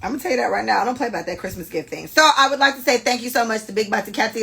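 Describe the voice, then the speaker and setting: A woman hosts a casual podcast and reads listener stories aloud, breaking in with blunt, profane commentary. Her voice has a gravelly, fried texture. She reads slowly and deliberately, then talks freely between passages. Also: fairly high pitch, sharp tone. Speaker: podcast host.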